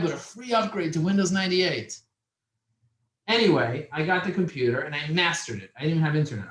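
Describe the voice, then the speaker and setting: This low-quality, roomy-sounding recording features a man whose voice is on the high side, teaching a business class to young men gathered in a classroom. He keeps the talk lively by telling stories with animation and questioning the audience.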